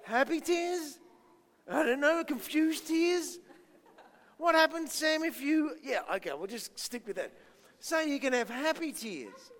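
A man's voice: very high-pitched, lively intonation, a little slow, a bit bright, long reverb tail. A man leading a church service as pastor, giving a chatty children's talk, asking the children questions and poking fun at himself. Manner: chatty, self-deprecating, asks the children questions.

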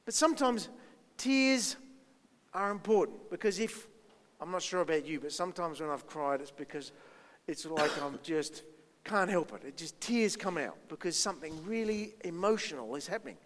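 A man's voice: on the high side, expressive, normal speed, fairly bright tone, long reverb tail. A man leading a church service as pastor, giving a chatty children's talk, asking the children questions and poking fun at himself. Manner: chatty, self-deprecating, asks the children questions.

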